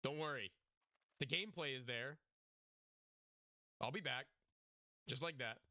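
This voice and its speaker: A man's voice: mid-range voice, unhurried, bright, forceful tone, dry recording, clean studio sound. A young man casually commentating a game match, hyped and joking, talking to chat. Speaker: esports caster.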